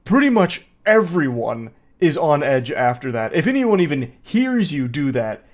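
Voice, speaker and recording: A man doing reaction commentary, sarcastic and mocking as he riffs on a clip. His voice sits a bit higher than most men's. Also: very animated, normal speed. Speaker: commentary host.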